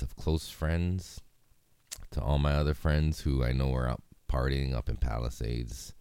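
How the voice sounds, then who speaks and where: Solo podcast host, young man, very low gravelly voice, dark tone, rambling and profane. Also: dry recording. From Hawaii. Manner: laid-back, rambling, heavy swearing. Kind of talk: casual solo podcast chat.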